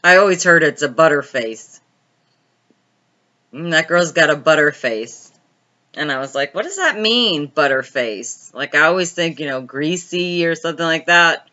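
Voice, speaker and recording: A woman's voice: deep voice, normal speed, bright, forceful tone, dull audio. A woman hosting a casual late-night live stream, reading viewer comments aloud, laughing often and telling stories. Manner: chatty storytelling.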